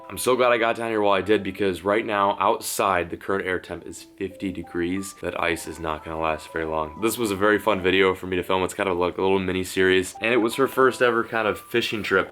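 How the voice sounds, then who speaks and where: A young man narrating his ice fishing trip in a casual vlog, chatty and easily excited, outdoors on a frozen lake. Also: deep voice. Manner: excitable, shouting and laughing during the catch. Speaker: fishing vlogger.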